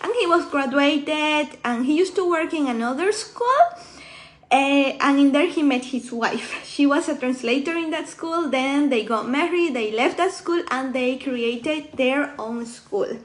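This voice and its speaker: A woman casually telling a personal story in an animated way, laughing often and acting out what people said. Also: high voice, unhurried. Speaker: author sharing her story.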